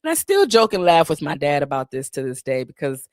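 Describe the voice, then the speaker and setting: Blunt, candid woman with a low voice. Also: very animated, a little fast, background noise. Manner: blunt, candid, profane, laughs often. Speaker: livestream host. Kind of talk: casual livestream Q&A.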